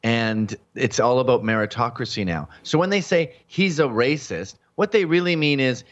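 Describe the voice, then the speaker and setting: A man's voice: mid-range voice, moderate pace, dull audio. A man from Canada talking as a guest on a talk show, sardonic and mocking. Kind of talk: casual talk show chat.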